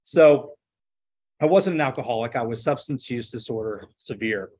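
A man's voice: medium pitch, moderate pace. Candid man telling his recovery story. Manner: animated, self-deprecating, acts out quoted voices. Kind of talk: personal testimony, casual storytelling.

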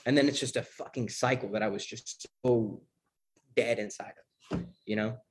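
A young man candidly telling his recovery story in a profane, animated way, often checking in with "right?". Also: medium pitch, moderate pace, a little hiss or hum.

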